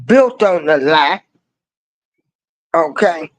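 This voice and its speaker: An older woman giving ranting commentary, hammering the same rhetorical questions and swinging between rising cries and low asides in slangy speech. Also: expressive, drawn-out words, no room sound, rough recording. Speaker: online commentator.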